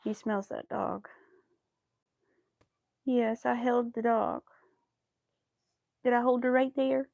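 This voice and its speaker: Higher-voiced woman with vocal fry. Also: fairly even intonation, takes it slowly, long pauses, darkish tone, dry recording, highs cut off. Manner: coos baby talk at her pet. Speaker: crochet vlogger. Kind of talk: casual chat to camera and her dog.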